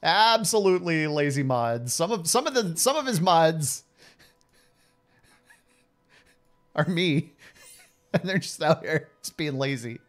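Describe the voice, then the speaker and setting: With lively intonation and a fairly high pitch, this streamer speaks slowly and pauses often. He's a man in his late thirties doing casual game commentary, talking to chat, teasing viewers and laughing frequently.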